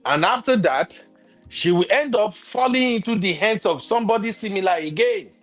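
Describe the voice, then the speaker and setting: A man, a co-host in a casual talk show, giving strong opinions in a lively way and laughing often. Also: sits high, moderate pace, soft background music. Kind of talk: casual chat.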